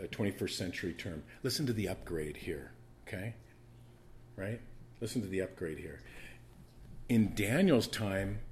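A man preaching a sermon to his church, moving between quiet conversational asides and loud, emphatic stretches, often asking the congregation questions. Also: low-pitched, a little hiss or hum. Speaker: pastor.

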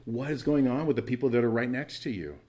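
A man preaching a sermon as pastor, earnest and conversational, stumbling over restarts and swinging between loud emphasis and quiet asides. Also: medium pitch, quick pace.

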